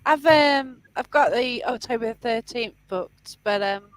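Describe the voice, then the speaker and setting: A woman's voice: a little high, measured pace, no echo. A woman hosting a podcast interview in casual chat who reacts to her guests with frequent short exclamations. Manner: reactive, full of short interjections like "wow" and "awesome". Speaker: podcast host.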